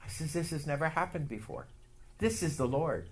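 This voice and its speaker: A man preaching a sermon and telling a personal story, emotional and building to loud outbursts. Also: a little high, lively intonation, moderate pace. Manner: emotional, building to shouts, leads call-and-response. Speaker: pastor. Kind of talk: sermon with testimony.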